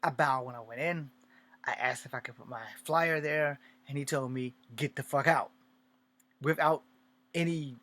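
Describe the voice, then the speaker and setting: At a moderate pace and medium pitch, a Virginia man who wants to make films narrates a long personal story in a relaxed monologue. He swears often and brings quoted dialogue to life with animated acting.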